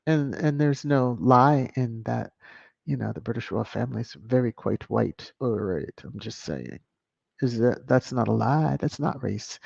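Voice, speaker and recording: A woman hosts a celebrity commentary vlog in a sassy, emphatic way, often repeating a phrase for effect. Her voice has a gravelly, creaky edge. The recording is dry and a little muffled, like a lo-fi home setup. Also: a bass voice, a little mellow, dry recording. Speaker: vlog host. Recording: dry, dull lo-fi sound.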